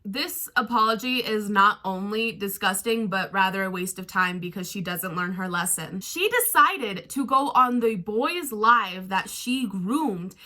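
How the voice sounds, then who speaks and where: Bright, sarcastic woman commentator. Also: medium pitch, animated, moderate pace, hardly any pauses. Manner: sarcastic, blunt, swears freely. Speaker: commentary YouTuber.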